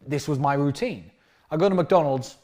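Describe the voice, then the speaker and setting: A man's voice: on the high side, moderate pace, darkish tone. A man giving a blunt, crude motivational monologue about dating, acting out bits of dialogue along the way. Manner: acts out little dialogues in different voices. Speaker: dating and lifestyle talker.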